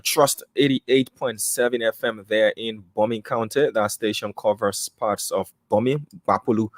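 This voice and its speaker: A man hosting a radio talk show, opening it in a brisk announcer manner. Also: on the low side, fairly even intonation, dry recording. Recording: loud music bed behind voice.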